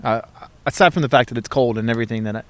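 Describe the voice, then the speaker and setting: A man in church work chatting by a cold outdoor campfire, easygoing and thoughtful, a bit halting. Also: medium pitch. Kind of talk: casual chat.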